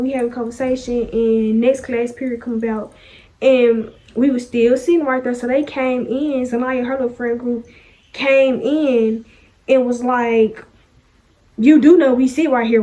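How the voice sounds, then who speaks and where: High-voiced young woman telling a storytime. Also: warm tone. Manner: chatty, sassy, acts out quoted lines. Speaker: vlogger. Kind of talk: casual storytime vlog.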